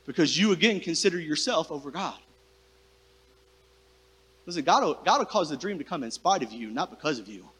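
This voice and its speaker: A man's voice: on the high side, lively intonation, fairly quick, pauses often, a bit bright, husky, in a large hall. A male pastor preaching a sermon, talking conversationally and directly to his congregation in a church sanctuary.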